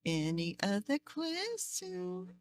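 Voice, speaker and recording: A woman voice actress answering fan questions at a convention Q&A, chatty and animated, laughing often as she tells stories. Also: extremely high pitch, slow pace, vocal fry, dry recording. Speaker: voice actress guest.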